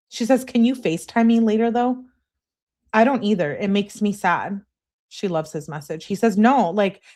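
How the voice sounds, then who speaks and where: Woman, streamer, casual live reading of texts, chatty, mid pitch. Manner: reads texts aloud in an animated way, chats to live viewers. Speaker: true-crime channel host. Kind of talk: live reading of text messages with comments.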